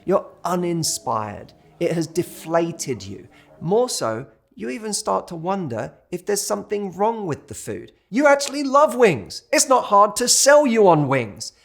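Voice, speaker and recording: A man's voice: high-pitched, sing-song, measured pace, creaky. A man with a British accent giving relationship advice straight to camera and telling a story to make his point. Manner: storytelling, acts out quoted waiters. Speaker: dating coach. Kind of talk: direct-to-camera advice talk.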